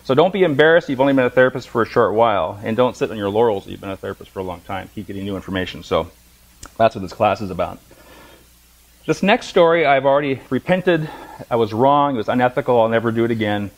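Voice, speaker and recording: A middle-aged man teaches a class of massage therapists, talking at a brisk clip. He tells stories with humor and acts out the voices of people in them. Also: medium pitch, animated, rough recording. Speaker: massage instructor. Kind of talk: lecture to a class.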